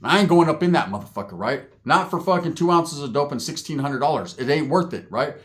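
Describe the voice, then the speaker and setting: A man from Northern California telling a crude story in a profane, animated way, tagging lines with "right?". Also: a little high, quick pace.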